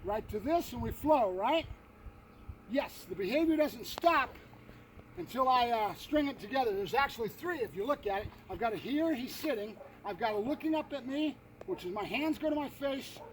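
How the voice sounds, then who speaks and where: A man with a very high voice explains dog-training drills outdoors, breaking off for quick commands to his dog and often checking in with "right?". He sounds set back from the mic. Clear outdoor noise sits behind him. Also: animated, distant mic, rough recording. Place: outdoors by a fence and a building.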